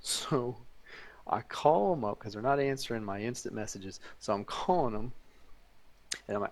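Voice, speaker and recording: A man's voice: medium pitch, lively intonation, normal speed, a little mellow. A man co-hosting a podcast in casual chat, a jokey storyteller who laughs a lot. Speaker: podcast co-host.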